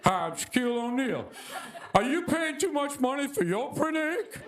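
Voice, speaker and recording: A man doing an impression of a very tall male athlete, speaking as an earnest pitchman in a TV commercial. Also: big pitch swings, moderate pace, a bit bright, heavily acted. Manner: earnest salesman delivery. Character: towering famous male athlete pitching products. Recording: stage mic with audience laughing.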